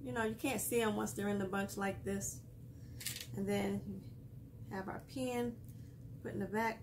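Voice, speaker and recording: A woman's voice: medium pitch, steady tone, measured pace, long pauses, noisy background. A woman hosting a casual craft tutorial, chatty and laughing often as she explains each step while she works. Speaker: craft video host.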